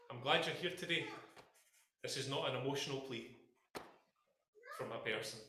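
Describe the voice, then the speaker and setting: A Scottish man preaching with urgent emphasis, his voice bright and forceful. He speaks straight to the people in front of him and keeps checking that they follow. The sound rings around a reverberant church hall. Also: mid-range voice, moderate pace, pauses often, a little hiss or hum. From Scotland. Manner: impassioned, emphatic, addresses congregation directly. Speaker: pastor. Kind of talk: sermon.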